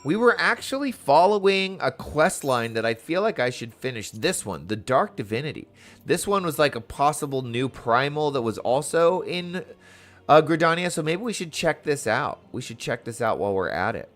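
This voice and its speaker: Playing a video game on stream, a man talks casually at a normal speed in a sing-song, somewhat high, slightly bright voice. He gives the on-screen dialogue playful voices as he reads it out.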